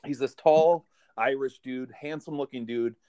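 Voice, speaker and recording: A man co-hosting a podcast in crude casual banter, animated and joking, saying "dude" a lot. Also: medium pitch, a little slow, clear, resonant tone. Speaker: podcast co-host.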